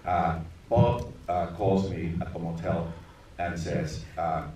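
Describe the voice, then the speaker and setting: A middle-aged man from Finland, a film director telling stories at a screening Q&A, animated and laughing often. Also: low voice, takes it slowly. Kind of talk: live anecdote on stage. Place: large echoey cinema hall. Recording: distant, echoey theater recording with noise.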